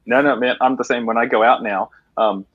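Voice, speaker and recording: A man in casual chat, telling stories in an animated way. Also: mid-range voice, fairly quick, dry recording, dull audio. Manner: animated storyteller.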